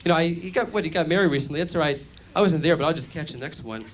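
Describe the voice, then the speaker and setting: A man performing a stand-up comedy routine on a club stage, delivering deadpan jokes and playing mock call-in phone bits. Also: a little high, rapid-fire.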